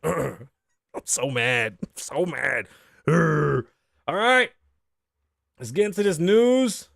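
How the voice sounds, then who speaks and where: A man in his thirties riffs through the day's stories on his own podcast, swearing freely and wandering off on tangents. His voice sits fairly high and swings widely in pitch. The sound is dry and close, with no room around it. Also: takes it slowly, gravelly, dry recording. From Puerto Rican background. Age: 30s. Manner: profane, animated, rambling. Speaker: podcast host. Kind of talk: solo casual podcast rant.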